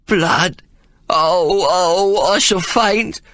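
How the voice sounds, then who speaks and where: A man voicing a snivelling, cowardly old male fence who sobs and begs in a shrill voice. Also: extremely slow, fairly bright tone, dry recording, exaggerated voice. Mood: terrified begging. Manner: shrill, sobbing, begging.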